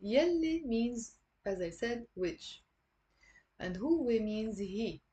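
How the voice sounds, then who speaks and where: A young woman with a Lebanese accent giving an online Arabic lesson, patiently repeating words slowly for learners. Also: fairly high pitch, animated, warm tone.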